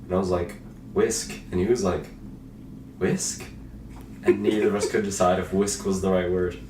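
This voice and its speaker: A young man who is sick and hoarse, chatting as a podcast guest and telling an anecdote. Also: low-pitched, level tone, quick pace, warm tone, recorded from a distance. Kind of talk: casual chat. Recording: roomy, off-mic with faint noise.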